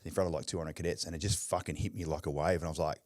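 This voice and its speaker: A man hosting a podcast, asking questions in a quick, chatty way and speaking frankly about his own struggles. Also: rumbling low, fairly even intonation, darkish tone, no echo, clean studio sound. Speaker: podcast host. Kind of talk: casual podcast interview.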